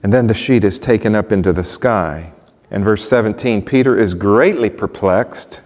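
A man preaching a sermon in a relaxed, conversational way, often putting questions to the congregation. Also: on the low side, normal speed. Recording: long reverb of a large hall.

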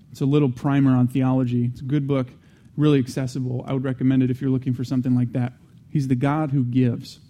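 A man preaching in an earnest, teaching manner, with a mellow, warm tone. He circles back to repeat his main points and slips in casual asides between restarts. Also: medium pitch. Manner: frequent restarts and fillers, conversational asides. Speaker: Christian teacher. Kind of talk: teaching sermon.

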